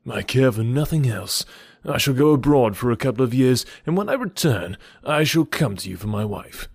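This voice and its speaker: A man voicing a charming young gentleman who talks in a lively, teasing way. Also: medium pitch, moderate pace, creaky, breathy edge, no echo, studio quality.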